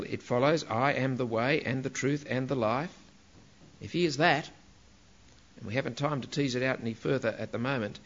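A man's voice: medium pitch, fairly bright tone, lo-fi sound. A man preaching a sermon, in an emphatic way, asking rhetorical questions and stressing key words.

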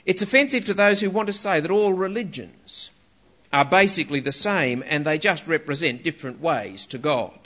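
A man's voice: fairly high pitch, expressive, moderate pace, pushed and bright. A man preaching a sermon, emphatic and stressing single words, on a dull lo-fi recording.

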